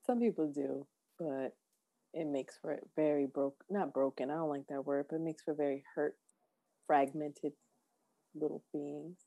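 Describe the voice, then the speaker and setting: A woman's voice: sits low, steady tone, a little slow, mellow. A young adult woman co-hosting a podcast in casual chat, thoughtful but slipping into slangy banter. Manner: reflective, slips into slangy banter. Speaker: podcast co-host.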